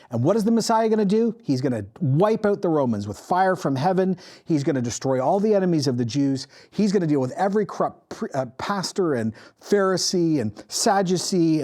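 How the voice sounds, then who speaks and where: Pastor guy preaching, warm mellow voice, gets loud then goes real quiet. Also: on the high side. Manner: animated preaching, acts out quoted voices, drops to quiet intensity. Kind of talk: sermon. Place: church.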